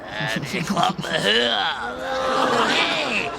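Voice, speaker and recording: An actor with a Scottish accent playing a loud, brash middle-aged pub regular who heckles and shouts. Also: male voice, very high voice, huge pitch swings, extremely slow, vocal fry, crowd noise, full character voice. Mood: rowdy. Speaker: comedy sketch actor. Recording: noisy TV clip.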